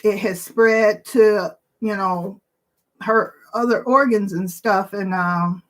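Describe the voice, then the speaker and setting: A woman in her sixties hosting her own channel, chatting casually and emotionally to viewers with many pauses and fillers. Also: mid-range voice, steady tone. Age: 60s. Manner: slow, emotional, tearful at times, with pauses and fillers. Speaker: channel host.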